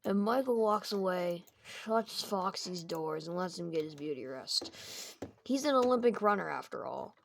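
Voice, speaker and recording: A woman's voice: fairly low pitch, lively intonation, normal speed, creaky, slight background noise. A woman casually narrating a silly game story in a rambling, self-correcting way.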